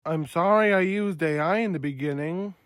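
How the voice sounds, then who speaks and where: A woman giving casual gameplay commentary, rambling along and now and then bursting out loudly. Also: fairly low pitch, moderate pace, no room sound. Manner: rambling, with sudden loud outbursts. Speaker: gaming video creator.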